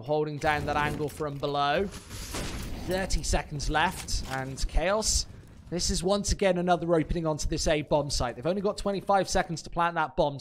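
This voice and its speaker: A man commentating an esports match on a live stream, brisk and chatty, talking to viewers between plays. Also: fairly high pitch, fairly bright tone, slight background noise.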